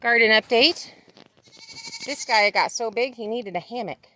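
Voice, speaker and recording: With a fairly high, bright voice and a forceful tone, a homesteading vlogger talks unhurriedly to her camera outside on a farm, chatting away and speaking to her animals in a sing-song voice. A little background noise is present in this casual narration.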